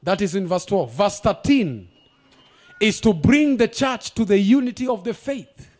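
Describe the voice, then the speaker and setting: High-pitched shouting pastor. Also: male voice, expressive, unhurried. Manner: declares prophecy in shouted bursts, switches into Swahili asides. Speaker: guest pastor. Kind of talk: sermon. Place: church service.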